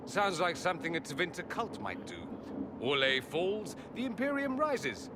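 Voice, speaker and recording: A man's voice: sits high, sing-song, normal speed, long reverb tail, noisy background. An actor playing a witty, sardonic male mage with dry, teasing charm in a video game. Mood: wry.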